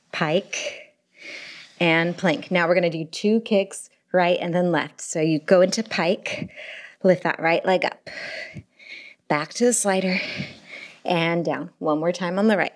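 A young woman teaching a home pilates and barre class on a lapel mic, upbeat and encouraging as she counts reps. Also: fairly low pitch. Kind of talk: cueing a home workout class. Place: home workout space. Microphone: lapel mic pack.

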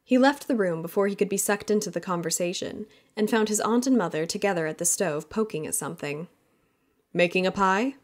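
A woman narrating a romance audiobook in an even, measured way. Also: mid-range voice. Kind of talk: scripted narration.

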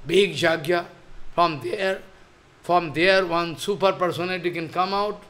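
A male religious teacher, a native Bengali speaker, tells a scripture story during a sermon, halting, repeating phrases, and checking that listeners follow along. His voice sits high and sounds a bit bright.

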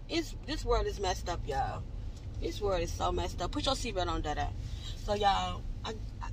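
A woman's voice: mid-range voice, fairly bright tone, slight background noise, poor audio. Fired-up woman venting to her phone in a car. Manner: emotional, repetitive, addresses viewers as y'all. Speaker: family vlogger and mother. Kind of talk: venting to camera in a vlog. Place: inside a parked car.

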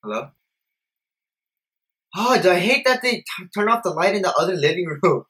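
A young man commentating a horror video game, jumpy and profane, swinging between low mutters and shouted panic. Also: animated, moderate pace. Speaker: gameplay streamer.

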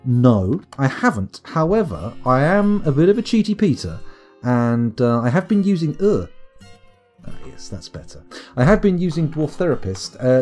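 A streamer with a mellow, slightly husky voice who chats his way through a game. He rambles from topic to topic with a lively, swooping delivery and swears freely. Soft guitar music plays faintly behind him. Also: medium pitch. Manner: rambling, sweary, tangent-prone. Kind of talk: casual live-stream commentary.

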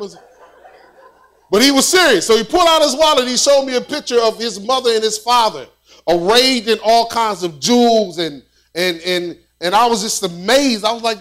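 High-voiced man preaching conversationally. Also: brisk, a bit bright. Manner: conversational preaching with repetitions and storytelling. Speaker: pastor. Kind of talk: sermon.

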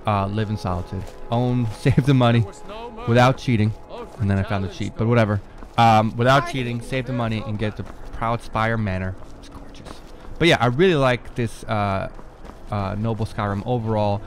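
A man giving casual, excitable gameplay commentary, rambling with fillers and cursing as he talks to the screen. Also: fairly low pitch, normal speed, over music, low-quality recording. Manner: rambling with many fillers and repeats. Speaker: gamer showing off a modded game.

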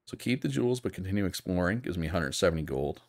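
A man's voice: low voice, expressive, quick pace, no room sound, studio quality. A man casually talking through a strategy game on a live stream, thinking aloud and chatting with viewers. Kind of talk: live gameplay commentary.

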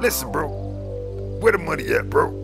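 A man's voice: fairly high pitch, very animated, normal speed, vocal fry, over music. A man doing casual game role-play, talking in a slangy, menacing, taunting way.

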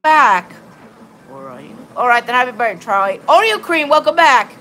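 A woman's voice: a little high, sing-song, normal speed, pushed and bright, a little hiss or hum. A woman live-streaming a game, chatting to her viewers in a rambling way and greeting them by name. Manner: rambling, repeats "all right, then" and "of course". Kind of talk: casual live-stream chat while gaming.

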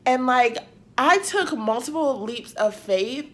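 A woman's voice: sits high, lively intonation, unhurried, fairly bright tone. A young woman from Ohio vlogging from a hotel room, gushing and tearful as she talks straight to her viewers. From Akron, Ohio. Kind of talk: emotional vlog chat.

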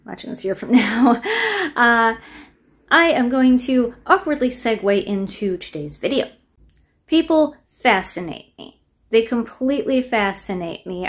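A woman hosting her own video, talking to camera in an earnest, musing, chatty way. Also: mid-range voice. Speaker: video host. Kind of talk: casual to-camera commentary.

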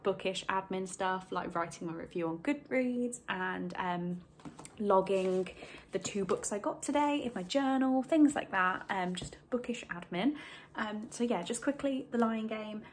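A young woman talks to her camera at home, rambling and apologetic as she chats about her reading. Her pitch sits in the middle of the usual range for a woman, and her talk is loose and casual. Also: slight background noise. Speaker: book vlogger. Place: home, indoors.

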